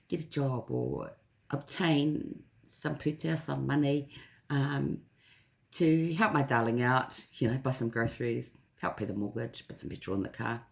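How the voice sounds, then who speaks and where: Gravelly, very low-voiced New Zealand woman. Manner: lively, chatty storytelling with frequent laughs. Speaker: vlogger. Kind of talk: casual spoken diary.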